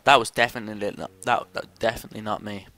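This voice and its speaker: A man's voice: lowish voice, fairly even intonation, quick pace, pushed and bright. A young man swearing his way through casual gameplay commentary, jumpy and given to sudden screams.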